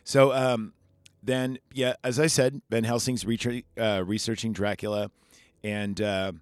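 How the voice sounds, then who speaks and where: Rambling low-voiced man. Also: flat delivery, measured pace, dry recording, clean studio sound. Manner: rambling, chatty, with fillers and asides. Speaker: podcast host reviewing a film. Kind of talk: casual chat. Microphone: podcast microphone.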